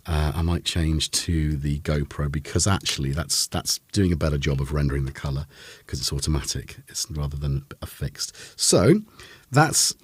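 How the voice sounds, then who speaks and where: A man's voice: low-pitched, darkish tone, slightly rough, no echo. A man hosting a casual live synth demo, rambling with lots of fillers and self-corrections. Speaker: host of a synth livestream.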